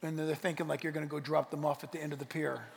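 A man preaching a sermon as a pastor, animated, swinging from loud bursts to hushed asides and dropping in jokes. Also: fairly high pitch, fast talker, gravelly, long reverb tail, slight background noise.

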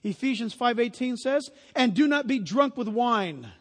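A middle-aged man preaching a sermon as pastor, swinging from hushed storytelling to loud, fervent exhortation. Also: very high-pitched, lively intonation, normal speed. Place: church sanctuary. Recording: long hall reverb.

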